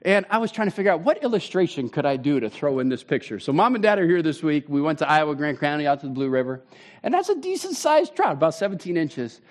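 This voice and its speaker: A man in his thirties preaching a sermon as pastor, conversational and animated with sudden loud bursts. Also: on the high side, fast.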